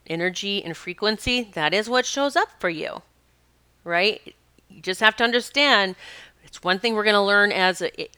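Woman podcast host, chatty storyteller, crisp clear voice, dry close mic. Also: on the low side, pushed and bright, no room sound. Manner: chatty storytelling, laughs often. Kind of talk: casual spiritual podcast monologue.

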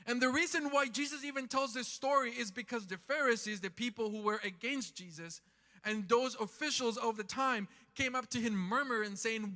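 A man preaching a sermon in a church, impassioned, swinging from loud calls to quiet talk. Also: very high-pitched, normal speed, in a large hall. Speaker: pastor. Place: church sanctuary.

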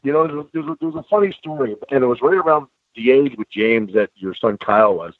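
An older man tells stories in a loose, animated way, sprinkling in bro and man. His voice comes through a thin, phone-like line with no room sound at all. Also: medium pitch, quick pace, no echo. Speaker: guest. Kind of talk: casual storytelling chat. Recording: dry tinny phone-like line.

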